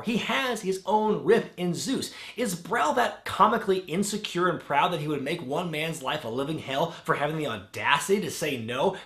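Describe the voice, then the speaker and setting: Man, comedic movie review, sarcastic, bursts into shouts, lively pitch, roomy echo. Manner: sarcastic, with sudden shouted outbursts. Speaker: wrestling film reviewer.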